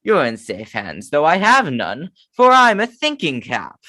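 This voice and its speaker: A man voicing the boastful old magical Sorting Hat, reciting a rhyming poem in a put-on British accent, with lively ups and downs. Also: on the high side, measured pace, no echo, full character voice.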